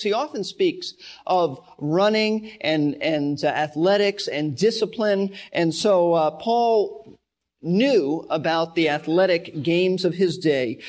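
Man, higher-pitched pastor, verse-by-verse Bible teacher, earnest, leans hard on key words. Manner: earnest, emphatic, repeats key words for stress.

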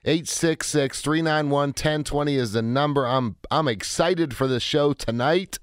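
A man in his forties hosting a call-in radio show, talking in an energetic, chatty way with a hoarse, cracking voice. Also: fairly high pitch, measured pace, dry recording, clean studio sound. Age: 40s. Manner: energetic, chatty, self-interrupting. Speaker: radio talk show host.

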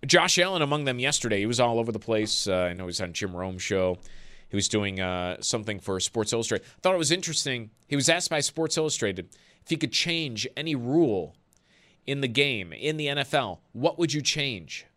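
A man's voice: medium pitch, animated, brisk, pushed and bright. A man hosting a sports call-in radio show, ranting with exasperation and laughing.

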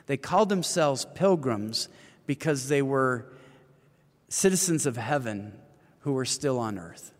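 A man's voice: mid-range voice, expressive, unhurried, in a large hall. A man in his fifties, an author and ministry leader, talking earnestly in an interview and telling stories. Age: 50s. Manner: earnest storyteller, acts out quoted voices. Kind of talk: interview conversation.

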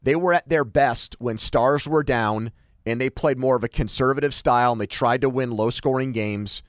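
A man's voice: medium pitch, normal speed, dry recording, studio quality. A man co-hosting a sports talk show, giving strong opinions in casual debate with frequent restarts.

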